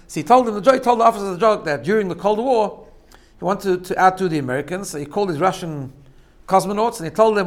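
Quick-paced and high-voiced, a man who teaches religion gives a casual sermon. He tells stories, often turns to listeners with "right?", and laughs at his own jokes.

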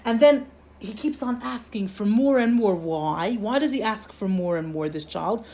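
A woman teaching a religious lesson in a mid-pitched voice. She tells her story in an animated way, often restarting her sentences, and her voice rises and falls a lot as she explains. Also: moderate pace. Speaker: Torah teacher.

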